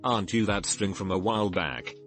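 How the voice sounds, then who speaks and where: A man reading the lines of an apologetic bartender in an even, read-aloud way. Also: low voice, brisk, faint music behind. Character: apologetic male bartender, adult.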